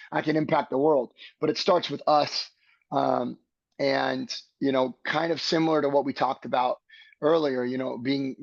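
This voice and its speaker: A man with a gravelly, creaky voice talks in an earnest, searching way, stacking his thoughts one step at a time. The recording sounds a little dull and lo-fi, dry, with no room echo. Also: medium pitch. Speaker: podcast guest. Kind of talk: reflective conversation.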